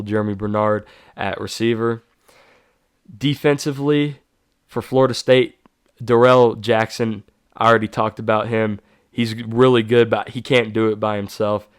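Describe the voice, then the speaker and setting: Smooth, dry-voiced male sports show host. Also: lowish voice, no echo. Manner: casual, self-correcting, hyping players. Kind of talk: solo sports prediction talk.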